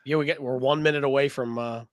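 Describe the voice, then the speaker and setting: A man's voice: mid-range voice, steady tone, fast, no echo. A man co-hosting a real estate podcast, joking around, swearing and chatting casually. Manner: joking, profane, talkative. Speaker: podcast co-host. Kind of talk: casual chat.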